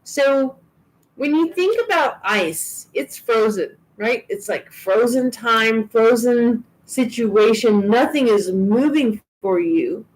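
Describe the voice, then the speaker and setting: A woman's voice: a little high, animated, slow, poor audio. A woman giving a live tarot and oracle card reading, chatty and reassuring, with frequent ums and restarts. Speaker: tarot reader.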